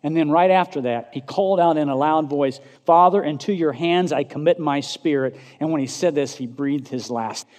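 A man preaching a sermon with passion, swinging from loud, rising declarations to hushed, intense lines. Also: a little high, moderate pace, hardly any pauses. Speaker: pastor. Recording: long hall reverb.

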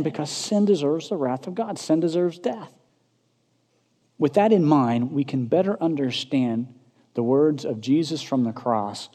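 A man preaching a sermon with passion, swinging from loud, rising declarations to hushed, intense lines. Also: on the high side, expressive, a little slow. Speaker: pastor. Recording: long hall reverb.

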